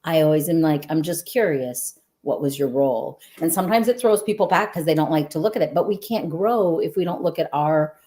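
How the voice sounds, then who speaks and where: Low-voiced affirming woman podcast host. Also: lively intonation, fairly quick, hardly any pauses, mellow. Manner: earnest, affirming, reflective. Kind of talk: casual podcast conversation.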